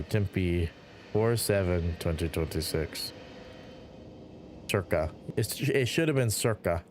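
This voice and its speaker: A man's voice: sits low, expressive, slow pace, pauses often, darkish tone, a little hiss or hum. A man streaming a building game, rambling casually and reading viewer chat aloud between giggles.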